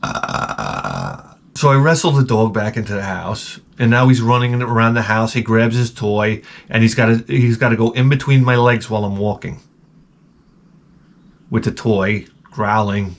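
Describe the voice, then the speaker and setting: A man vlogging in a casual, rambling storytelling way, sarcastic and sometimes loudly exasperated. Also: fairly low pitch, lively intonation, unhurried, gravelly.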